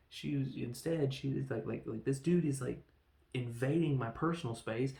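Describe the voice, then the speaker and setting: A man talks through a film plot on his review podcast in a loose, rambling way, slipping into quick character voices. His voice has a gravelly edge, and the room around him sounds roomy and echoey. His pitch sits in an ordinary middle range. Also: dark tone. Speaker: podcast host reviewing films. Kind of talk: casual film review monologue.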